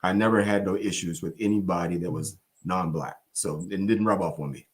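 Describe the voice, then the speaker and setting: A man hosting a discussion podcast, telling stories in an expressive, animated way. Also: sits low, brisk. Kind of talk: casual discussion.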